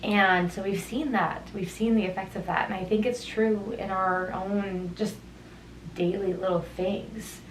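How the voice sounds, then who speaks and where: A woman's voice: medium pitch, steady tone, measured pace, roomy sound, a little hiss or hum, poor audio. A young woman hosting a solo podcast, talking through her thoughts in a reflective, meandering way, wandering into tangents. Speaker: podcast host. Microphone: headphones on, studio-style mic.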